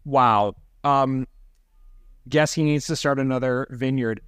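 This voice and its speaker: A man's voice: mid-range voice, fairly even intonation, takes it slowly, clean tone, dry recording. A man co-hosting a casual podcast chat with dry, wry humor. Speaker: podcast co-host.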